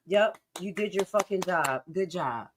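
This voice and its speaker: A woman streamer with reacts in heated, sarcastic bursts. She curses freely and drops from loud outbursts to low mutters. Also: lively intonation, measured pace, slight background noise. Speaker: live-stream commentator. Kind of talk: profane reaction commentary.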